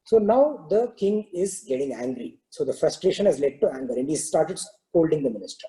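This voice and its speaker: Man, spiritual teacher, explains terms, casual storytelling, deep mellow warm tone. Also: lively intonation, normal speed, low-quality recording. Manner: explains terms, loose storytelling with many fillers. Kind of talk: scripture talk with a parable.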